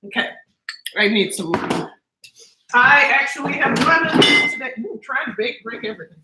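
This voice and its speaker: A woman's voice: sits high, lively intonation, normal speed, reverberant, very noisy. A woman talking casually to camera in her home kitchen, gushing and emotional as she eats. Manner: gushing and emotional, talks while eating. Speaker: cooking vlogger.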